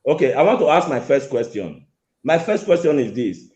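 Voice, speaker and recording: A man's voice: medium pitch, big pitch swings, moderate pace, darkish tone, dull audio. A man calling in, repeating his points insistently and confronting the host. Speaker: caller. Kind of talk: heated call-in argument. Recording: echoey call-in line.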